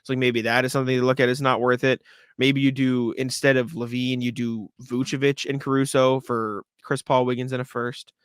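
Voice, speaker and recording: A man's voice: medium pitch, brisk, smooth, no echo. A young man co-hosting a casual sports podcast, telling stories animatedly with plenty of "like" and swearing. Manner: animated storytelling, frequent swearing and filler "like". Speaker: podcast co-host.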